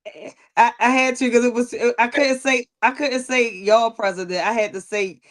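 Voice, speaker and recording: A woman's voice: a little high, fairly even intonation, normal speed, a bit bright. A woman co-hosting a casual talk stream, joking and explaining things step by step like a teacher. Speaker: podcast co-host. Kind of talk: casual chat.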